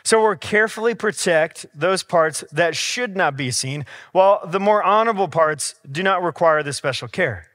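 A man's voice: high-pitched, animated, normal speed, hardly any pauses, fairly bright tone, dry recording, studio quality. A man preaching a casual, conversational sermon in a church, with everyday stories and acted-out dialogue. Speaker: pastor. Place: church sanctuary.

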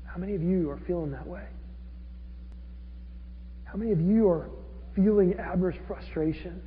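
Male pastor, high voice, animated sermon delivery, muffled lo-fi recording. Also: moderate pace, pauses often, a little hiss or hum. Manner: animated, acts out quoted characters with rising intensity. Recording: dull lo-fi audio with long hall reverb.

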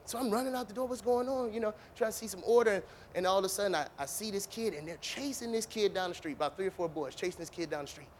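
A man with a high voice tells a story to a crowd in an easygoing, chatty way. He keeps it lively, throws in punchy sound effects and leans on casual fillers as he goes. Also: fast talker, few pauses, slight background noise. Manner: animated, with vocal sound effects; conversational, with many fillers. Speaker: speaker telling a story to an audience. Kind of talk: storytelling talk.

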